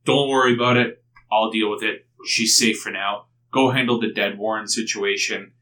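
A man voicing a brisk woman official in command, clipped and decisive. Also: fairly low pitch, fairly even intonation, pushed and bright, voice pushed up, poor audio.

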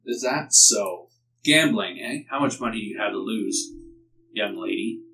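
A man voicing a rough, cocky male street tough who mocks and teases. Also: fairly low pitch, unhurried, recorded from a distance, low-quality recording. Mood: mocking.

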